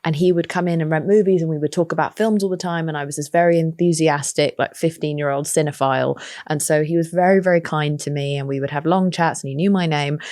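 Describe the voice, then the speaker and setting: Woman, 30s, low voice, lively swearing raconteur, dry recording. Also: quick pace, few pauses, no room sound. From England. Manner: lively storyteller, swears freely, acts out voices. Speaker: actress guest. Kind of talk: animated anecdote in interview.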